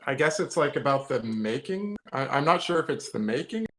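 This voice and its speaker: A man in a casual podcast chat from home who talks in a thoughtful, hedging way. His voice is mid-pitched for a man, and he weighs each opinion before settling on it. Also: expressive, fairly quick, fairly bright tone, rough recording. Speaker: co-host. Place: home, remote live show during lockdown.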